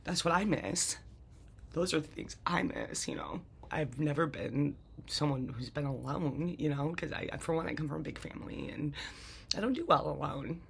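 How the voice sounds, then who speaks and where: A woman's voice: deep voice, moderate pace, gravelly, husky. A woman casually telling her own life story, rambling with many fillers and restarts.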